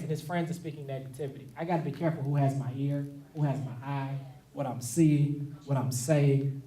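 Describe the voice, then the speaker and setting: In a church sanctuary, a male pastor with a mellow, medium-pitched voice preaches conversationally, laughing now and then and acting out quotes. The room is echoey and the mic sits at a distance.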